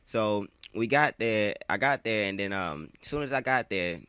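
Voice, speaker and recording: A man with a lowish voice tells a story over gameplay. His delivery is slangy and rambling, full of "like," with frequent swearing. The sound is dry and close. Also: expressive, moderate pace, pushed and bright, smooth, dry recording. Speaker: gamer telling a story.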